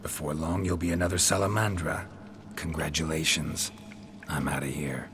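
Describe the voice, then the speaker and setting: A man's voice: a bass voice, steady tone, moderate pace, noisy background. An actor playing a sardonic male monster hunter in a video game, clipped and dry. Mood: mocking.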